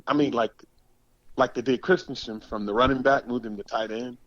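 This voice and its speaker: A man in his sixties from the United States, a former pro football player telling stories in a podcast interview, animated and emphatic, often repeating words. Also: medium pitch, fairly quick, no echo, muffled recording. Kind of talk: storytelling interview.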